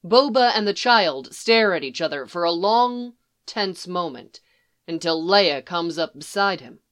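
Slow, low-voiced woman reading a story. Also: lively intonation, a bit bright, clean tone. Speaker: reader. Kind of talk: reading fan fiction aloud.

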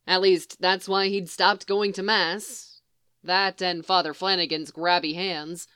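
Smooth-voiced woman reading a story. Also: lowish voice, unhurried, no room sound, studio quality. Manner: even storytelling narration. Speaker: reader. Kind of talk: reading fan fiction aloud.

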